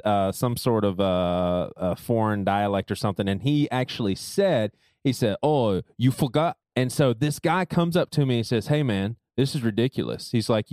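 A man's voice: medium pitch, darkish tone, no echo, clean studio sound. A man co-hosting a podcast, chatty and laughing often as he tells stories. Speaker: podcast host. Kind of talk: casual conversation.

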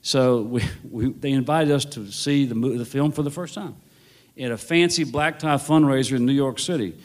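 A male novelist, appearing as a guest, tells a rambling anecdote with a wry edge, restarting and correcting himself along the way. His voice is mid-range and his pace normal.

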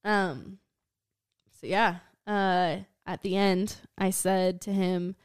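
A young woman chatting on a podcast, her voice smooth and resonant, recorded close and dry. She tells a long personal story in a loose, filler-heavy way, often trailing off into a quiet low voice. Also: fairly even intonation, slow, dry recording. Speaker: podcast co-host. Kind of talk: casual chat.

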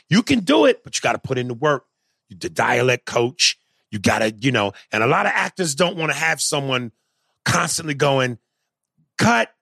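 A man with a gravelly, husky voice hosts a casual chat, animated and profane. His pitch swings up and down as he makes his point. The sound is dry and close. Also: no room sound.

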